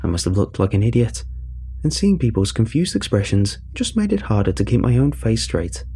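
A man narrating a first-person story in a measured, dry way. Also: lowish voice, very animated, mellow, slight background noise.

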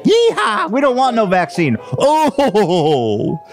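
A man's voice: sits high, wildly swooping pitch, slow, soft background music, pitched above the performer's own voice, exaggerated voice. A man voicing a folksy male televangelist preacher with a put-on drawl and a hollering, sing-song delivery. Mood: gleeful.

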